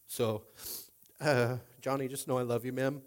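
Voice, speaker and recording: A man's voice: medium pitch, steady tone, measured pace. Casual guy preaching a sermon, kinda teary, lots of ums and uhs, chatty and loose, regular voice, middle-aged. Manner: casual, emotional, rambling with many fillers. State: tearful. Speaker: pastor.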